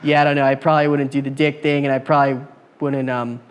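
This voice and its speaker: A man's voice: mid-range voice, level tone, quick pace, clear, resonant tone. A man, a guest who rambles through a casual chat with lots of fillers and laughter. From New York. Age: late 20s. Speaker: guest, filmmaker.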